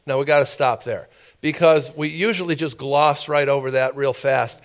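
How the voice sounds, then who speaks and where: A man preaching a sermon, telling a story in a conversational, halting way with many fillers. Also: on the high side. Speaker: pastor.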